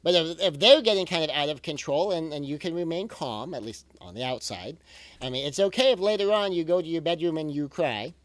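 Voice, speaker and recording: A man's voice: a little high, lively intonation, a little fast, no echo. A man giving a recorded parenting talk in an earnest, reassuring way, often repeating key phrases for emphasis. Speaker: parenting coach.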